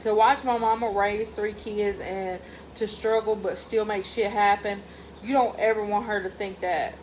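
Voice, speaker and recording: A woman's voice: medium pitch, a little hiss or hum, poor audio. A young woman, candidly telling a personal family story to her followers in a casual vlog, speaking in loose run-on sentences full of "like". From Mississippi. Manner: heartfelt and candid, peppered with "like". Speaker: vlogger.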